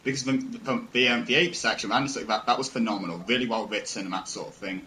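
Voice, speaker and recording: Man, lowish voice, opinionated, repeats words, casual podcast, faint noise. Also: fairly even intonation, fast talker, bright, forceful tone, poor audio. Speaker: podcast co-host. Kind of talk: casual chat.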